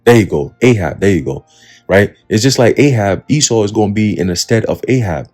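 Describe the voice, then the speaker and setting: A man with a low, mellow voice preaches in an easygoing street style. His talk is slangy and profane, and he keeps checking in with "right?" and "okay?". Faint music plays behind him. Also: lively intonation, fairly quick. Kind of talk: casual street-style Bible teaching.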